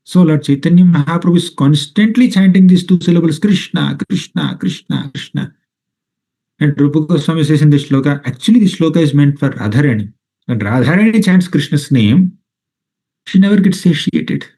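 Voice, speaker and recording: Male spiritual teacher, fairly high and mellow voice, patient word-by-word scripture explainer. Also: a little fast. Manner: explains Sanskrit terms word by word, often checks with "right?"; repeats chanted names rhythmically. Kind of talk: scripture lecture.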